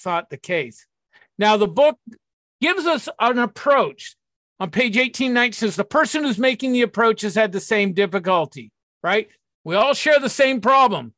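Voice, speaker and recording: High-voiced blunt man, dry sound. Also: fairly bright tone, dry recording. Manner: blunt, profane, acts out quoted voices. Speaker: recovery sponsor speaker. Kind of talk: candid recovery talk.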